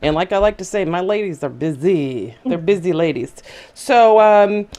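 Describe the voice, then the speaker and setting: A woman's voice: on the low side, animated, moderate pace, dark tone. A woman hosting a casual video chat show, talking in a chatty, hesitant way with many fillers. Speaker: host.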